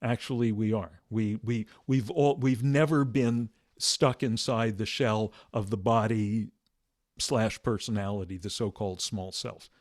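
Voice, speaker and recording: A man leading a meditation discussion, speaking softly and reflectively with halting restarts. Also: on the low side, steady tone, no echo, clean studio sound. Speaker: meditation teacher.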